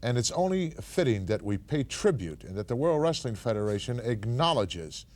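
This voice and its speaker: A man's voice: mid-range voice, sing-song, normal speed, darkish tone. Upbeat male wrestling show host. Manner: upbeat announcer, hyping news. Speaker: studio host. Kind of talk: wrestling show studio banter.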